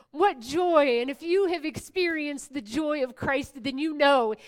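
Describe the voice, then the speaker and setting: A woman pastor preaching a sermon, swinging from hushed whispers to loud exclamations, with playful asides to the congregation. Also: high-pitched.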